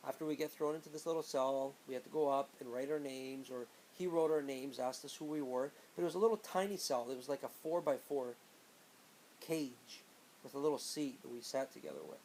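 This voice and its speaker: A man casually telling a personal story, animated, acting out the people in it. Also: medium pitch, vocal fry, slight background noise, poor audio. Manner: animated, acts out quoted friends in raised voices.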